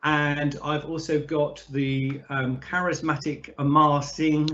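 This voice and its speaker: A man hosting a discussion in a relaxed, chatty way, often pausing and restarting his sentences. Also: on the high side, dull audio. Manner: hesitant, many fillers and restarts. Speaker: podcast host. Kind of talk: casual conversational hosting.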